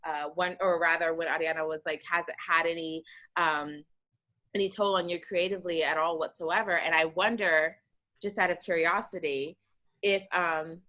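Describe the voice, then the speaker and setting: A young woman hosting a podcast, chatting in a lively, rambling storytelling way with lots of fillers. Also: lowish voice, moderate pace. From United States. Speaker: podcast host. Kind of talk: casual interview chat.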